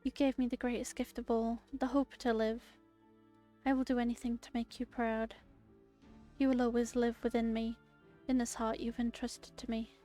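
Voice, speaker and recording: A woman's voice: on the high side, warm tone, natural voice. A woman voicing a heartbroken young woman in a game, reading her farewell lines tenderly and earnestly.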